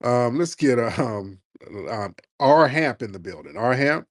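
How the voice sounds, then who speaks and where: A man's voice: medium pitch, lively intonation, measured pace, no echo, clean studio sound. A man hosting a call-in show, brash and profane, mocking callers with frequent laughter. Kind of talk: casual call-in radio talk.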